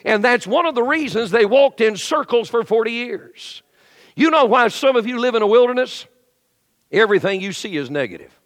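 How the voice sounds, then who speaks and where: A middle-aged man preaches from the pulpit in a high, ringing voice, swinging from animated exhortation to hushed, intimate storytelling. He mimics grumbling churchgoers as he goes. His words trail off into the long reverb of a large sanctuary. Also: normal speed. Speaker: pastor. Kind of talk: sermon.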